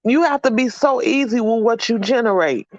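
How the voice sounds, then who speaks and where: A woman's voice: fairly high pitch, moderate pace, a little mellow, dry recording, highs cut off. A middle-aged woman hosting a casual livestream chat, upbeat and encouraging as she reads out names from the chat. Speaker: livestream host.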